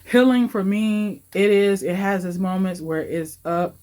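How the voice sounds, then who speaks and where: A woman's voice: medium pitch, steady tone, a little slow, warm tone. A woman in her late twenties giving an emotional, heartfelt life update in her vlog, talking in a casual, confiding way. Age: late 20s. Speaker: vlogger.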